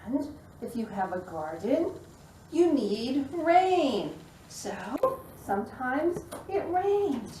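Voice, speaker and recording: High, lively woman reading to toddlers. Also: takes it slowly, slight background noise. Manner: expressive storyteller, makes animal noises. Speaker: children's librarian. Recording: echoey room, mic at a distance.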